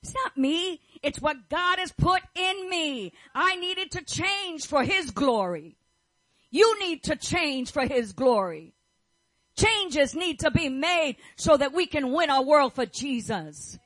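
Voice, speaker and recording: A woman's voice: high-pitched, animated, slow pace, fairly bright tone, dry recording, poor audio. A middle-aged woman preaching a fervent sermon, declaring and repeating her phrases as she prays over the listeners. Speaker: pastor's wife preaching.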